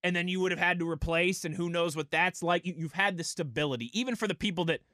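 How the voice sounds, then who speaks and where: Male radio host, slightly high voice, dry close studio sound, casual talk. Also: quick pace, pushed and bright, no echo. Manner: conversational, reads listener tweets aloud.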